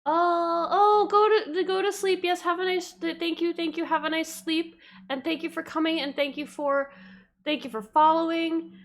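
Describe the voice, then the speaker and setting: Giggly high-voiced woman streamer. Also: normal speed. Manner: giggly, excitable. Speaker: streamer playing a game. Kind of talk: casual live-stream chat.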